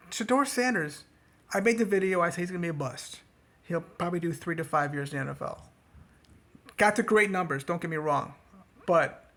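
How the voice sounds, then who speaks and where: A man vents about his football team in a loose, rambling monologue, like a fan talking straight to his camera. His sarcasm often pushes his voice up high and mocking before it drops back to a mutter. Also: a bit bright. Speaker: sports vlogger. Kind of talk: casual sports rant to camera.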